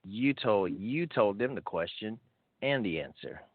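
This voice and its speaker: Man, radio host, very low voice, dry phone-quality sound, chatty, full of fillers. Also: expressive, unhurried, no echo. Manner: chatty, upbeat, lots of fillers and restarts. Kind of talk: casual call-in show hosting. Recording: thin phone-like audio.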